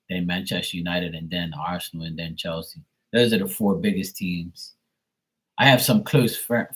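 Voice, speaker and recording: Bermudian dude rambling on his stream, low raspy voice. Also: a bit bright. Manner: rambling, chatty, casual swearing. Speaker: live stream host. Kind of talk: casual live-stream chat.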